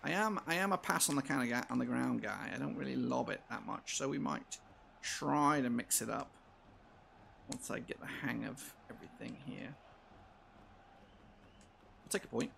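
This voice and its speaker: A man commentating live on his football game, swinging from low mutters to shouted outbursts and swearing often. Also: moderate pace, vocal fry, long pauses, a little hiss or hum. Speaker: gaming channel host.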